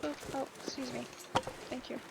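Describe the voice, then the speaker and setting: A woman's voice: sits high, little pitch movement, moderate pace, vocal fry, heavy background noise. A woman streaming a game, chatting casually in rambling anecdotes, laughing often and filling her talk with "like". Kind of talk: casual chat while gaming.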